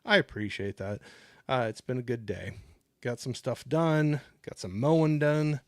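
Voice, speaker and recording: A man's voice: mid-range voice, unhurried, darkish tone, dry recording. Easygoing man chatting on a dry close mic. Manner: easygoing, rambling, thanks viewers and reads chat aloud. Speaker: livestream host. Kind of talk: casual livestream chat. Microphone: new desktop microphone.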